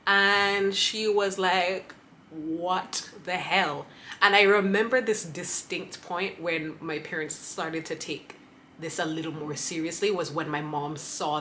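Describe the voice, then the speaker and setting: Young woman vlogging, bright voice, a bit low, laughs and goes off on tangents, faint room hum. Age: young adult. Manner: animated and laughing, digresses and backtracks. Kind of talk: personal storytelling to camera.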